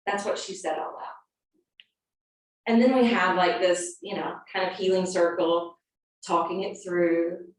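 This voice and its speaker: A woman yoga teacher telling a personal story in an earnest, animated way, then leading a class into a seated stretch. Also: on the low side, unhurried. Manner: earnest and animated, acting out quotes. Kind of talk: storytelling and guided yoga instruction. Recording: very echoey room, voice from a distance.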